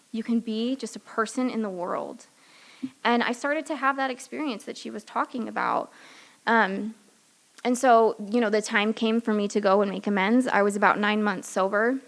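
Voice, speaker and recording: A woman's voice: on the high side, a bit bright. A woman from San Diego speaking at a recovery meeting. She talks candidly and loosely, and often laughs at herself. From San Diego, California. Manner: loose and chatty, many fillers. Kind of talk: personal recovery talk.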